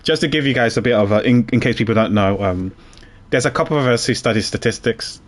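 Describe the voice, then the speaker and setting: A man's voice: medium pitch, fast talker. A man streaming a game, chatting casually and animatedly, stammering a little when he explains things. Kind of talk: casual gaming commentary.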